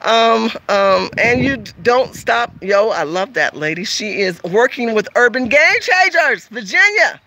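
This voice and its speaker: A woman's voice: on the high side, big pitch swings, measured pace, few pauses, sharp tone, low-quality recording. A woman from California hosting a casual livestream, talking emphatically and repetitively straight to her viewers as she reads their comments.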